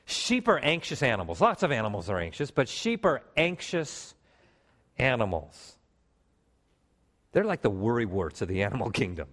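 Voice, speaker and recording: Animated preaching man, lively pitch. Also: normal speed. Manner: animated preaching, pitch leaping up for emphasis, calls to the congregation. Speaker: pastor. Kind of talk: sermon.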